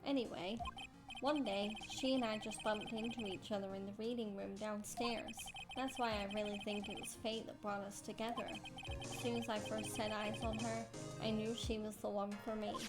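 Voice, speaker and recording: A woman's voice: medium pitch, fairly even intonation, normal speed, close to an everyday voice. A woman reading a stammering lovestruck young man. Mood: smitten. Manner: earnest, stammering. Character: young male art student, lovestruck and naive. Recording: game music behind.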